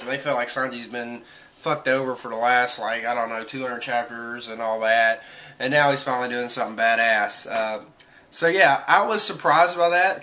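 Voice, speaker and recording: Bright-voiced man rambling through a review. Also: mid-range voice. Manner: rambling retelling with many fillers, acting out quotes. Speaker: manga reviewer. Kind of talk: casual review commentary.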